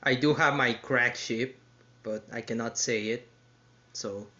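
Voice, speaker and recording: A teasing young man co-hosts a casual podcast, giggling as he talks. His voice is slow and bright. The recording sounds dull and lo-fi, with a faint hiss behind it. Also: medium pitch, steady tone. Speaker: podcast co-host. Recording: dull lo-fi mic with faint noise.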